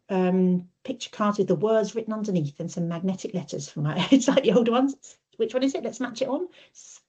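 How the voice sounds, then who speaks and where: Woman therapist demonstrating speech sounds. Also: lowish voice. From United Kingdom. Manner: warm modelling of sounds in a sing-song child-directed voice; explanatory, with frequent ums. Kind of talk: webinar presentation. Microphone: video call. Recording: dull lo-fi webinar audio.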